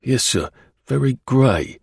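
A man's voice: medium pitch, lively intonation, slow, creaky, slightly rough, no echo, clean studio sound, full character voice. A man reading the part of a deferential manservant, polite and respectful.

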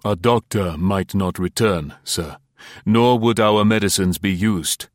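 A man voicing a calm, courteous male island cab driver who speaks quietly and evenly, in a low voice. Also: measured pace, dry recording, studio quality.

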